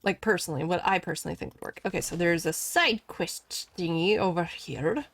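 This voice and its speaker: A woman's voice: on the low side, fairly quick, a bit bright. A woman chatting casually and giggling while live streaming a game, rambling and talking back to the game.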